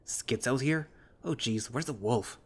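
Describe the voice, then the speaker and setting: A man voicing a stout, laid-back male fennec with a calm, lackadaisical tone, in a visual novel reading. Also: mid-range voice, a little slow, breathy edge. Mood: alarmed.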